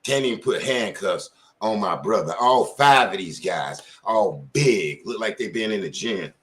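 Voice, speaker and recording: A man's voice: on the low side, expressive, measured pace, fairly bright tone. Impassioned middle-aged man, host. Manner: impassioned, asks many pointed questions; informal street talk. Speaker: channel host. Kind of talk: casual commentary to camera.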